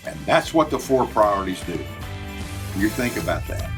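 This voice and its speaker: A man's voice: on the low side, big pitch swings, moderate pace, creaky, over music. An older man hosting a devotional podcast, talking in an earnest, preacherly way as he works through a numbered list. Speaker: podcast host.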